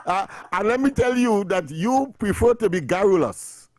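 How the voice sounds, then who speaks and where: Laughing Trinidadian radio co-host. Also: male voice, high voice, animated, moderate pace, darkish tone, dry recording. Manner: playful, laughs a lot, talks over others. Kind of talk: casual call-in banter.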